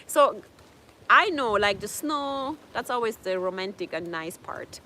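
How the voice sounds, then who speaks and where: The background is noisy as a woman hosts a laid-back livestream from home in Jamaica. She has a mid-range, expressive voice and talks a little slowly, reading viewer comments, laughing often and slipping into French.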